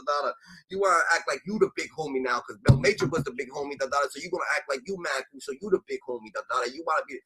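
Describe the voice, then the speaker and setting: A man giving ranting commentary, animated and profane, packed with filler sounds. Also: fairly high pitch, slightly rough, rough recording.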